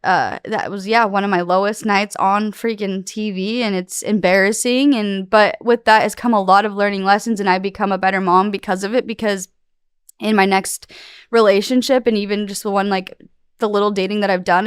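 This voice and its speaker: Soft-spoken woman, smooth clear voice. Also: medium pitch, dry recording, studio quality. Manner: emotional, rambling, many fillers and restarts. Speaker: guest. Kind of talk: candid personal interview.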